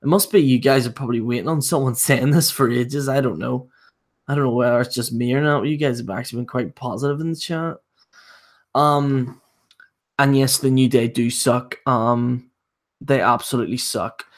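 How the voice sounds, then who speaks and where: A man's voice: mid-range voice, a little fast. A young man ranting bluntly and profanely while reviewing a wrestling show on a casual livestream.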